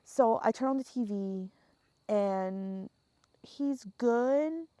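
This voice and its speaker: A young woman telling a story in casual podcast chat, animated and laughing often, swearing freely and acting out the scenes. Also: a little high, extremely slow, dry recording.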